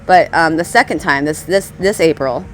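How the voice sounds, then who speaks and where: A woman's voice: low voice, moderate pace, fairly bright tone, faint music behind. A woman vlogging outdoors in a scattered, casual monologue, swearing and laughing as she goes. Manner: scattered, swearing, laughs often, talks to birds around her. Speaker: spiritual vlogger. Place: outdoors among birds.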